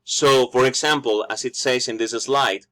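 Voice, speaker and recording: Man w mexican spanish accent teaching english online, bright voice, restarts words, keeps asking "right?" and "okay?". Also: mid-range voice, fairly even intonation, normal speed. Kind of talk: online lecture over slides.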